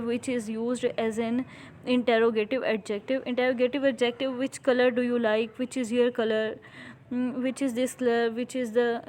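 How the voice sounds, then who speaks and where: Indian English female teacher, fairly high voice, steady reading of slides with halting restarts. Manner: reads rules and examples aloud, with halting restarts. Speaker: grammar teacher. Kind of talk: slide-based grammar lesson.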